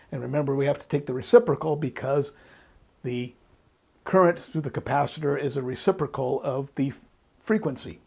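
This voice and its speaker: A man's voice: a little high, creaky, darkish tone, slightly rough. A man teaching electronics, explaining step by step while he draws, patiently repeating the key points and thinking aloud. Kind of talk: explaining while drawing on a board.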